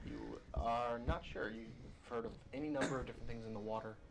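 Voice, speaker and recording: A man with a mid-range voice, chatting and cursing his dice as a tabletop player. His recording carries a clear layer of background noise. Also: mid-range voice, fairly quick. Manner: excitable, swears and laughs. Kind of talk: casual tabletop chat. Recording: noisy recording.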